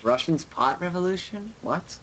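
A man's voice: high voice, lively intonation, moderate pace, a bit bright, a little hiss or hum, rough recording. Rambling, cussing streamer guy. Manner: rambling, full of "like" and swearing. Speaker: let's play streamer. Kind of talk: casual gaming chat.

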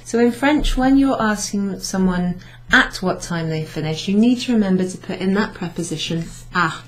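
A woman's voice: mid-range voice, normal speed. A woman French teacher from Wales giving a casual, chatty summary lesson for beginners, self-correcting as she writes on a board. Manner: chatty, self-correcting, switching between French and English, light laughs. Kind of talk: recorded class summary lesson.

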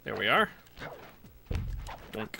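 A man's voice: slow, bright, forceful tone, a little hiss or hum. A man streaming a video game, chatting casually in a rambling, self-correcting way and laughing often. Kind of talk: casual gameplay commentary. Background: game music.

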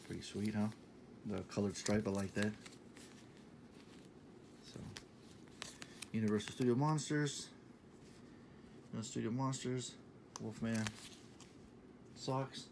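A man in his thirties talking casually in a shopping haul vlog, enthusiastic and repetitive, sometimes dropping to a soft half-whisper. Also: on the low side, normal speed, vocal fry, pauses often, slight background noise. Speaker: vlogger showing a shopping haul.

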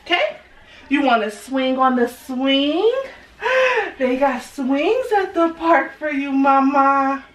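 A young mother coos in a very high, swooping sing-song, stretching her words into gushing, teasing baby talk. Her voice is bright and sharp, and it reaches the camera from a few steps away in an echoey room at home. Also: expressive, slow, recorded from a distance. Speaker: mother and family vlogger.

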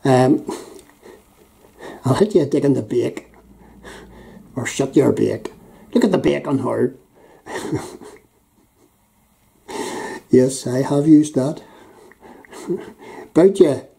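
An older man with a Northern Irish Belfast accent, chatting casually as a YouTube host while reading out local phrases, chuckling often and filling pauses with ums and uhs. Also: medium pitch, vocal fry, warm tone, low-quality recording. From Northern Ireland.

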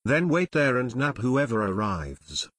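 A man's voice: mid-range voice, very animated, measured pace, fairly bright tone, no room sound, clean studio sound. A man doing a firm teen boy detective. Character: steady teen boy detective giving orders.

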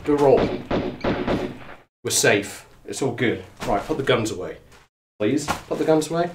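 A man streaming a game live, out of breath and excitable, talking to the character on screen and to his viewers. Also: fairly low pitch, slight background noise. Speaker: let's play streamer. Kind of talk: live gameplay commentary. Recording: echoey room, mic at a distance.

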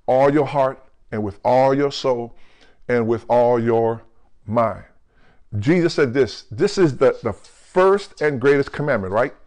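A male pastor preaching a lively, jokey sermon, who keeps calling out to the congregation and slows down to stress scripture words. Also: medium pitch. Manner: calls out to the congregation with questions like "right?" and "come on".

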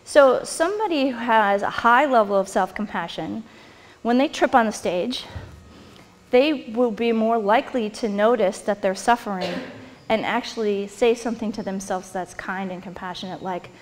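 A woman's voice: on the high side, expressive, normal speed. A woman presenting to a live audience in a conversational lecture style, chuckling and putting questions to the listeners. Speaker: workshop presenter. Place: hall or meeting room with an audience. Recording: long hall reverb.

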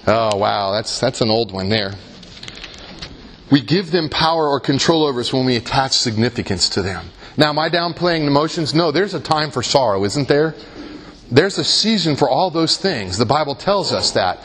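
A man with a husky voice teaches a Christian workshop at a convention. He talks conversationally, checks in with his listeners through rhetorical questions, and pokes fun at himself. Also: mid-range voice, animated, moderate pace, fairly bright tone. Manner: engages listeners with rhetorical questions and self-mocking jokes. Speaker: workshop leader.

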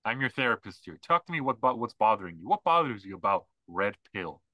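A man's voice: fairly low pitch, sing-song, fast, bright, forceful tone, no echo. A man co-hosting a podcast, ranting in casual, mocking chat with lots of fillers. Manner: ranting, mocking, mimics others. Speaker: podcast co-host.

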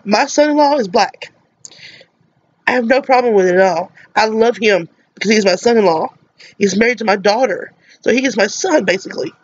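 A woman's voice: mid-range voice, a little fast, breathy edge. Middle-aged woman, Southern American accent, impassioned and preachy, emotional, dull lo-fi sound. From Mississippi, USA. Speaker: vlogger. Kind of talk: earnest monologue to camera.

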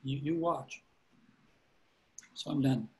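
A man's voice: on the high side, slow pace, gravelly, low-quality recording. Earnest pastor man giving fatherly counsel. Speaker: pastor teaching preaching. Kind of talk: informal teaching on a video call.

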